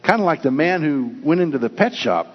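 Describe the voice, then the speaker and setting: Male pastor preaching with earnest storytelling, voice a bit high; long hall reverb, muffled lo-fi sound. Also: expressive, brisk. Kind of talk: sermon.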